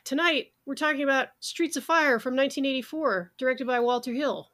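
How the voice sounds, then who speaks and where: A woman podcast host with a bright, slightly high voice. She talks in a brisk, sardonic way and swears freely in casual chat.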